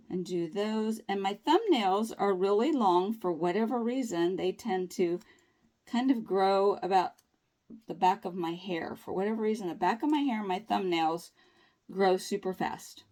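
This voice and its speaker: A woman's voice: mid-range voice, lively intonation, a little slow, warm tone. A woman chatting upbeat and reassuring through a nail tutorial, with folksy phrasing. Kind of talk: casual tutorial talk.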